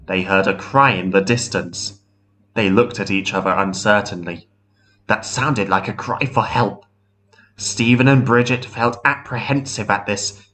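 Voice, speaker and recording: Low-voiced man narrating a ghost story. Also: a bit bright. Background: faint guitar music.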